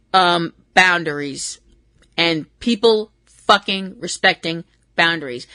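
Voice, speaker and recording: A woman's voice: medium pitch, pushed and bright, no echo. A woman hosting a wrestling podcast, talking casually in a blunt, sarcastic way and swearing freely. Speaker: podcast host.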